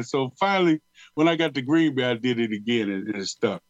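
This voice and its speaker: A fairly quick, mid-range male voice, dry and with the highs cut off. The speaker is a middle-aged ex-pro football player from Detroit, relaxed in an interview as he tells stories. Expect lots of slang, plenty of repeated words, a drawl, and a lively storytelling style.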